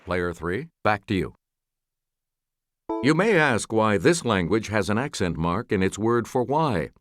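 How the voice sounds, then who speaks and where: A man's voice: lowish voice, sing-song, measured pace, faint music behind. A man hosting a quiz show, announcing players and reading clues aloud in a scripted studio delivery. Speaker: game show host.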